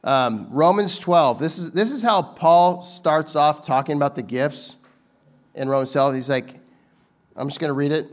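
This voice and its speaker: A man's voice: a little high, moderate pace. Informal, rambling male preacher. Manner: rambling and informal, restarts and asides to the audience. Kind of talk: casual conversational sermon.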